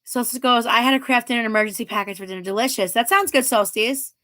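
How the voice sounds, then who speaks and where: A woman's voice: fairly high pitch, fast, fairly bright tone. A woman in her thirties hosting a casual livestream, reading viewer comments aloud and chatting, giggling often. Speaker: livestream host.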